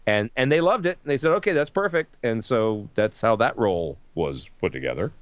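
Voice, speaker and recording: A middle-aged voice actor telling lively anecdotes in a casual interview. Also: male voice, on the low side, moderate pace, dry recording, highs cut off. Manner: animated anecdotes with voice impressions. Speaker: voice actor guest.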